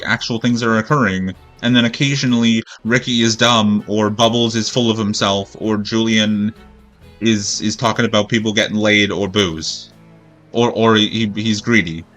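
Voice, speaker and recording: A gaming streamer with a lowish, somewhat bright voice rants through his gameplay commentary. His talk rambles, turning profane and exasperated.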